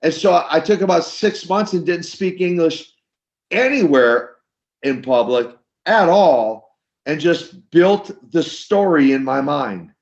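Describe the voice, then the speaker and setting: Older guy telling stories, acts out the conversations, kinda high voice, bit dull lo-fi sound. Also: takes it slowly. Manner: animated storyteller acting out dialogue. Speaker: guest, former wrestler turned minister. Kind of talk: storytelling interview.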